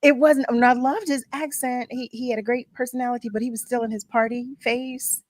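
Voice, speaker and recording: A woman's voice: a little high, steady tone, fairly quick, dry recording. A woman hosting a radio talk show, telling candid stories and laughing often in casual chat. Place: broadcast studio.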